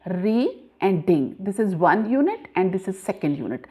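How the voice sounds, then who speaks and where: A woman teaching a grammar lesson, explaining slowly and repeating points, with frequent pauses. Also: mid-range voice, very animated, mellow. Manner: slow, deliberate, repeats points with many "uh" pauses. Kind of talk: classroom lesson explaining syllables.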